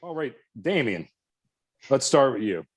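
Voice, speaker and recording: A man's voice: mid-range voice, sing-song, a little slow. A man hosting a casual podcast, giggling and restarting his intro as he goes. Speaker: podcast host.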